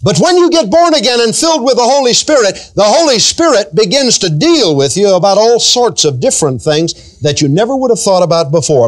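A man's voice: high voice, sing-song. A male pastor preaching a sermon, stretching out key phrases and acting out everyday sayings. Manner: drawn-out emphatic preaching, acting out everyday quotes.

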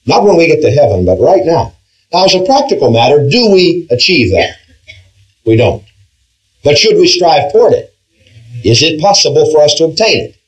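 A man leads a Bible study class in a fairly high voice that rises and falls with lively movement. He keeps putting questions to his listeners and leans hard on key words, often restarting a phrase and checking in with "all right". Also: moderate pace, long pauses, poor audio. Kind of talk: interactive Bible class teaching.

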